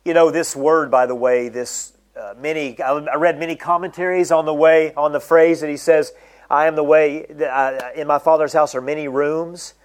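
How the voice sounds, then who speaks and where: Emphatic male preacher, slightly high voice. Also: fairly even intonation. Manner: emphatic, slows down to stress key phrases. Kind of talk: sermon.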